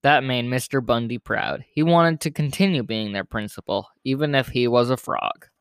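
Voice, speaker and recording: A man reads a children's story aloud with steady, plain storybook pacing. His mid-pitched voice is recorded close and dry, with no room sound behind it. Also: normal speed, smooth, dry recording.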